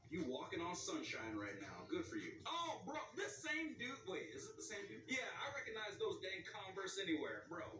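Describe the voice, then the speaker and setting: A man's voice: sits high, wildly swooping pitch, normal speed, few pauses, reverberant, distant mic, background noise. A man giving joking, slangy reaction commentary to videos, teasing the people on screen.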